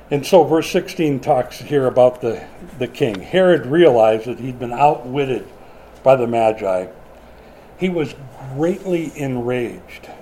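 A man's voice: mid-range voice, dark tone, slight background noise, poor audio. A middle-aged man preaching a sermon in a conversational way, asking the congregation questions as he goes. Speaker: pastor.

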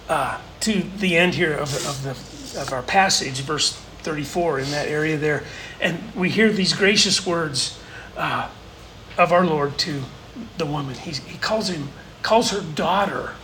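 Bright-voiced, high-pitched male preacher. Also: measured pace, a little hiss or hum, low-quality recording. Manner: earnest, builds to emphatic repetition. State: briefly choked up. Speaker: pastor. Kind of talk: sermon.

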